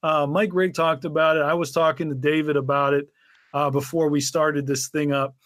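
A man's voice: on the high side, little pitch movement, normal speed, a bit bright, no room sound. A man co-hosting a podcast, chatting casually and telling rambling stories. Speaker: podcast co-host. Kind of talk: casual chat.

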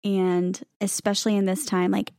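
A woman's voice: mid-range voice, little pitch movement, normal speed, mellow, dry recording, clean studio sound. Chatty young woman podcast co-host. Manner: chatty, lots of fillers and laughs. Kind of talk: casual chat.

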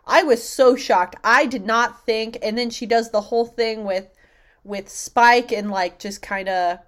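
Animated, swearing young woman. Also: fairly high pitch, unhurried. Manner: animated, swears a lot, acts out loud quotes. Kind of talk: casual chat.

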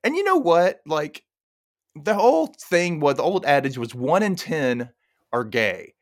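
Recapping a TV episode on his podcast, a man chats casually, often laughing and doing silly voices for the characters. His voice is a little high, with big pitch swings, and he speaks a little slowly. The sound is dry and clean, from a studio.

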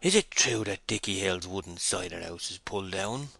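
A man voicing an ancient country maltster who rambles slowly and wistfully about old times. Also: sits low, animated, gravelly, sharp tone, dry recording, heavily acted. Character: older rustic man, the gossiping maltster.

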